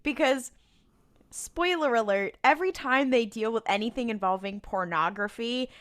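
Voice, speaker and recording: A woman co-hosting a podcast in casual chat, blunt and lively, with plenty of swearing. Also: on the high side, moderate pace. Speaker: podcast co-host.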